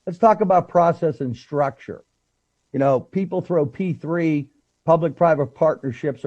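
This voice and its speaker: Confident businessman, warm mellow voice, dull lo-fi council audio. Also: on the high side. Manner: confident, emphatic, lists items briskly. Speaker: firm president presenting to council. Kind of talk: business presentation. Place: council chamber.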